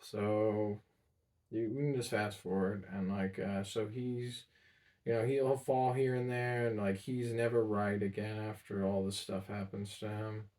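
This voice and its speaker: Young guy telling a hard personal story, quiet and halting, lots of ums, mic sits kinda far away. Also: flat delivery. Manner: halting, trailing off, many fillers and restarts; subdued and low-key. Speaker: vlogger. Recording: voice sounding distant from the mic.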